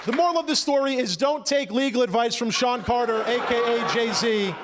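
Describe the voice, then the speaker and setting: A man's voice: extremely high pitch, normal speed. A man finishing his stand-up set with a wry punchline on a club stage. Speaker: stand-up comic. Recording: live club with loud crowd and noise.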